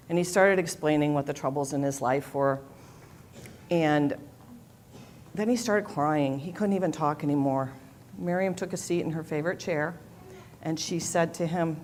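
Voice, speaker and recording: A woman leading a worship service, telling a children's story gently, with soft repeated refrains. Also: deep voice, moderate pace, a little hiss or hum. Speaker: worship leader. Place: church sanctuary.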